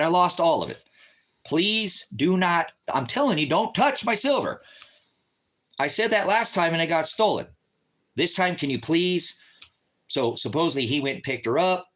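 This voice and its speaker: A man venting in a casual rant tells an angry personal story, cursing, sounding agitated and profane, and acting out arguments with others in quoted voices. His voice is a little high and fairly bright, with big pitch swings and a moderate pace.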